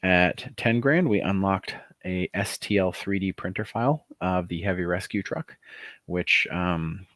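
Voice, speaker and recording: A man casually chatting on a livestream, excited and rambling with fillers, greeting viewers as he talks through his project. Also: low voice, a little slow, no echo, studio quality. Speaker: author running a crowdfunding livestream.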